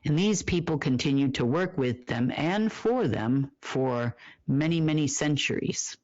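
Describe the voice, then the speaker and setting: A host delivering a monologue report, asking rhetorical questions and answering them, with drawn-out emphasis and frequent fillers. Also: medium pitch, expressive, darkish tone, dry recording, lo-fi sound.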